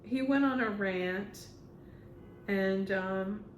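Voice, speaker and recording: A woman working as a spiritual medium, talking through a channeling session in a halting way with many ums as she relays what a spirit tells her. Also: medium pitch, faint music behind. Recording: echoey room, faint background hum.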